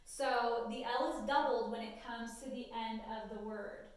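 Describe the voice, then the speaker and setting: A woman teacher giving a spelling dictation lesson, saying each word slowly and carefully. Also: on the high side. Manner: slow, careful, enunciating words. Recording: echoey room.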